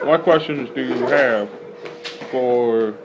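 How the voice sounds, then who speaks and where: A man interviewing a guest in a casual way, halting and repeating words as he asks questions. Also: medium pitch, highs cut off, background noise.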